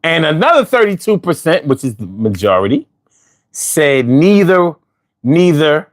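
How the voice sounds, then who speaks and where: A man hosting a livestream, chatting casually and reading out viewer comments in a drawling, animated way. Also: a little high, unhurried. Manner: drawling, animated, talks back to chat. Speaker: livestream host.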